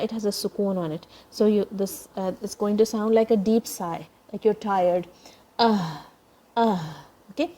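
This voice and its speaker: A woman teaching children Quran recitation, patiently explaining each sound and modeling words slowly for them to copy. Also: mid-range voice, gravelly, a little mellow. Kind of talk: children's tajweed lesson.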